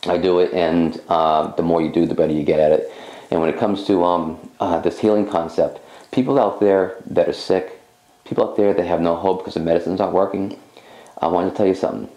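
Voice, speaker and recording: Deep gravelly-voiced man telling a story. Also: brisk. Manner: animated storytelling, reenacting his own speech. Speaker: psychic medium. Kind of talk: personal testimony. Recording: roomy echo with faint background hum.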